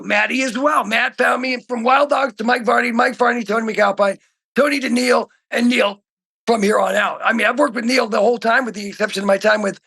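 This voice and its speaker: High, gravelly-voiced middle-aged man, excitable. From Oregon. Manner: excitable storyteller, swings from shouting to hushed. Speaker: guest musician. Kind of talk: casual interview chat.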